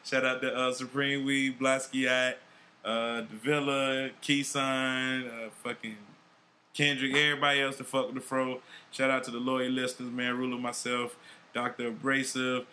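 A man hosting a podcast in casual chat, animated, with heavy swearing and street slang. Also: medium pitch, normal speed, slight background noise. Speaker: podcast host.

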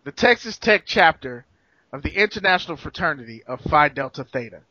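A man's voice: on the high side, big pitch swings, a little fast, sharp tone, no echo, lo-fi sound. A man co-hosting a casual podcast, trading joking, profane banter. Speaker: podcast co-host. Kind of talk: casual chat.

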